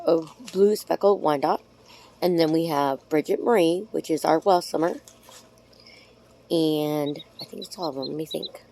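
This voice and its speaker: Woman, casual vlog, somewhat low voice, rambling, affectionate, frank. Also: warm tone, a little hiss or hum. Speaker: vlogger. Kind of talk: casual talk to camera.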